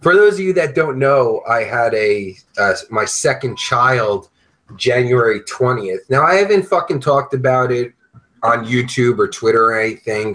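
A man's voice: mid-range voice, fairly bright tone, low-quality recording. A man hosting a podcast, chatting casually and ranting bluntly with lots of swearing. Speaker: podcast host.

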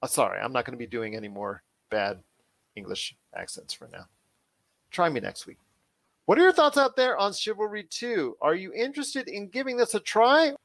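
Brief: eager male podcast host, slightly high voice, dry close recording, loops back on his phrases. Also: big pitch swings, moderate pace, vocal fry, fairly bright tone, no echo. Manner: enthusiastic, repetitive phrasing, addresses guest as my friend. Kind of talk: casual podcast chat.

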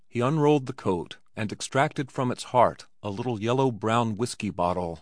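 A man narrating a story aloud in a steady storytelling delivery. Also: on the low side, dry recording, studio quality. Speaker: audiobook narrator. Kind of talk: scripted narration.

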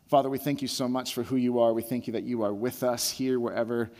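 A man preaching a sermon as a pastor, talking in a conversational way that repeats words and builds excitement as he retells a scene. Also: mid-range voice, fast, long reverb tail.

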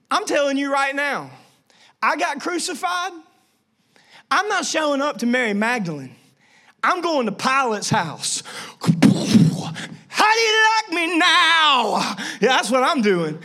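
A man preaching a sermon as a pastor, telling family stories with playful asides and acting out voices. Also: extremely high pitch. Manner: animated storytelling with playful asides and acted-out voices.

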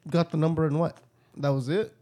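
A man's voice: on the high side, fairly even intonation, brisk, dark tone. A man chatting casually with a friend, teasing him and asking questions in a laid-back way. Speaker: friend listening. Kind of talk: casual chat.

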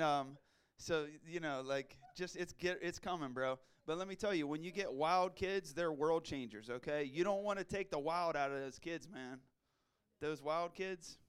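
A middle-aged man preaching a sermon to a congregation in a church, in a casual, slangy and energetic way. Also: a little high, clean tone. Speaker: pastor.

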